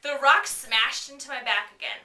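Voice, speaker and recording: A woman's voice: high voice, normal speed, pushed and bright, distant mic. A woman reading a novel aloud in a casual way, breaking off for giggly, chatty asides, recorded in an echoey room away from the mic. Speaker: reader. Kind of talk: casual read-aloud with commentary.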